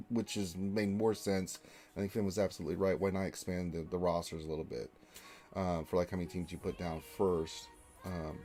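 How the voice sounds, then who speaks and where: A man's voice: on the low side, a little mellow. A man co-hosting a casual livestream, reading out viewer greetings and chatting with a rambling, opinionated manner. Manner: reads chat names and greetings aloud, rambling and opinionated. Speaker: livestream co-host.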